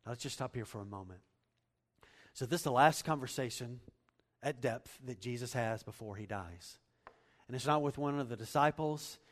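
A man preaching a sermon, climbing to loud emphatic peaks and dropping low, asking listeners to fill in words. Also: normal speed. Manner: asks the congregation to fill in words. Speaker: pastor.

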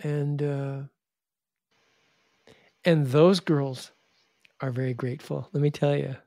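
A man telling stories in an interview in an animated way, often restarting and acting out the people he quotes. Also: a little high, takes it slowly, creaky, no echo, clean studio sound. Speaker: charity founder and guest. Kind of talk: interview storytelling.

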